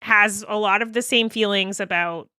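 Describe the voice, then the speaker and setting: A woman guest on a podcast, telling a personal story in casual, animated chat, swearing freely. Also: mid-range voice, moderate pace, smooth, no echo, clean studio sound.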